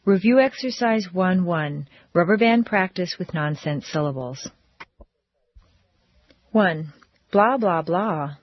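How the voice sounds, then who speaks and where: A woman teaching pronunciation drills, speaking slowly and deliberately with exaggerated intonation. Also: lowish voice, lively intonation, no echo. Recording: dull dry lo-fi recording.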